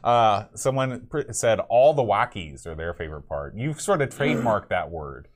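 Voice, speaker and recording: A man's voice: lowish voice, very animated, moderate pace. A man co-hosting a podcast, chatting casually and reading out listener messages. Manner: reads listener predictions aloud, chuckling. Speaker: podcast co-host. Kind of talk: casual chat.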